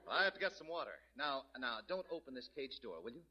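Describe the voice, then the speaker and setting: An actor playing a brisk, patronizing circus attendant in an old-time radio comedy. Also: male voice, medium pitch, animated, crowd noise, natural voice. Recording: dull lo-fi old radio recording.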